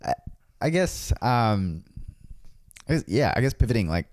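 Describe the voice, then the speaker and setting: A young man with a very deep voice, talking in loose, halting sentences that restart again and again. He laughs easily between thoughts. The recording is dry and close. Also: big pitch swings, a little mellow, dry recording. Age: young adult. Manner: rambling, hesitant, many restarts, quick laughs. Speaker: podcast co-host. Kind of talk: casual chat.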